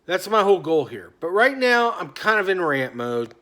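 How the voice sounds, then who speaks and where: A man in a rambling, casual rant to his phone camera at home, often stopping himself and trailing off into quiet mutters. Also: sits high, big pitch swings, normal speed. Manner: talkative, self-interrupting, drifts off into quiet mutters. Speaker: vlogger. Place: at home on a couch.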